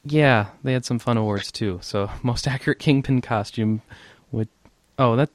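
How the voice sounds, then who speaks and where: A man's voice: mid-range voice, moderate pace, dry recording. A man hosting a casual gaming podcast, laughing often and rambling loosely. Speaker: podcast host.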